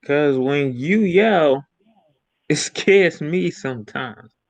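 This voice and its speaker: A man chiming in from the side of a casual live-stream chat in a slow, laid-back way. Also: a little high, animated, no room sound, dull audio.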